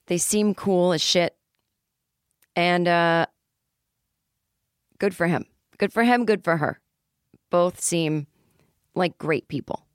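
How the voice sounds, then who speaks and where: A woman in her forties delivers a loose, self-deprecating comedy monologue as a podcast host. Her voice sits a little low and she talks in chatty, rambling bursts. The sound is close and dry, with no room around it. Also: slow, pauses often, smooth, no room sound.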